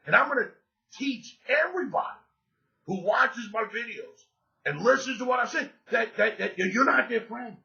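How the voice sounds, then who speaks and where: A man in a brash, profanity-laced betting-pick monologue, bragging as he runs through his plays. His voice sits high and sounds hard-edged and gravelly. The recording is dull and lo-fi. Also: animated, moderate pace, pushed and bright. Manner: boastful, profane and swaggering. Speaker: sports betting handicapper.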